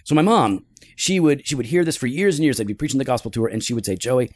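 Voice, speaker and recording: A man's voice: medium pitch, big pitch swings, racing, dry recording. A man co-hosting a podcast, ribbing his partner in casual chat, then turning earnest to talk about faith. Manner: teasing, breaks into preaching tone. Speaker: podcast co-host. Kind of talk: casual chat and sponsor read.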